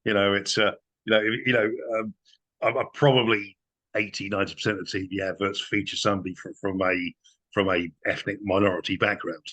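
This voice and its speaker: A man's voice: fairly low pitch, steady tone, a little fast, pushed and bright. A man as a guest in a casual political chat, indignant and emphatic. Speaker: guest commentator.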